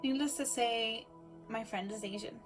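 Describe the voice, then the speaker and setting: A woman giving a personal storytelling speech, emotional, swinging between loud emphasis and hushed asides. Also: on the high side, moderate pace, over music. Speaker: speaker.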